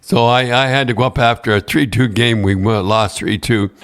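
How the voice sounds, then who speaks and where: An older man spins loose, stop-start stories in casual conversation. He keeps restarting his sentences and breaks into chuckles. His voice sits at an ordinary middle pitch. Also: a bit bright. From Canada. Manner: rambling, halting storyteller who laughs often and repeats words. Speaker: co-host telling stories. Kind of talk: casual podcast chat.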